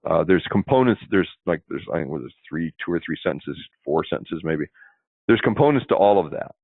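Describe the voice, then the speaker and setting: A sales trainer, appearing as an interview guest, offers instructive sales advice in a chatty, explanatory style, often checking in with "see?". His low-pitched voice is animated and fairly quick with a breathy edge. The recording is dry and comes over a tinny phone line.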